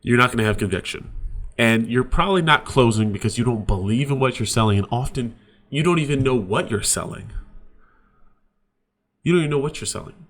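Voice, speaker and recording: A man's voice: medium pitch, lively intonation, fairly quick, a bit bright. A man coaching real estate agents in a casual, conversational sales training talk. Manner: casual, conversational, uses sports examples.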